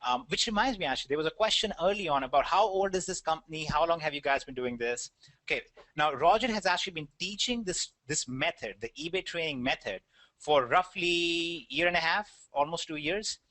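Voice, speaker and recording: A man hosting a webinar, answering viewers' questions in a brisk, reassuring and joking way over an online call mic. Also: on the high side, expressive, bright, forceful tone, dry recording. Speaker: webinar host.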